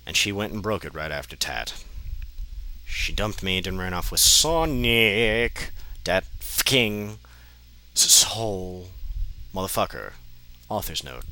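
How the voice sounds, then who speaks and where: A man's voice: sits low, lively intonation, a little slow, sharp tone, rough recording. A man doing a comedic dramatic reading of a bad fan story, breaking off often with sarcastic, exasperated, swearing commentary.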